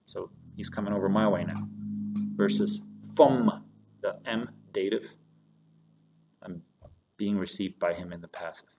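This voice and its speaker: A man's voice: deep voice, unhurried, gravelly, pauses often, mellow, slight background noise. A man teaching German grammar in a recorded lesson, going step by step between German and English phrases and talking to his students as "you guys".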